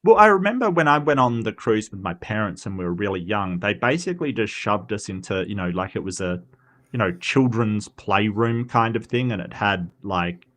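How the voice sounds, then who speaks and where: An Australian man with a somewhat low voice talks through posts in a loose, animated way. He hesitates and restarts often, with sudden jumps in pitch. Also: moderate pace. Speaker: streamer host. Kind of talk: casual chat reading posts.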